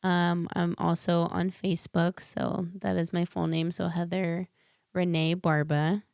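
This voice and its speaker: A woman's voice: lowish voice, little pitch movement, unhurried, gravelly, a little mellow, clear, resonant tone, no echo, clean studio sound. A young adult woman as a podcast guest, talking earnestly in long winding explanations with fillers. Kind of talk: casual interview conversation.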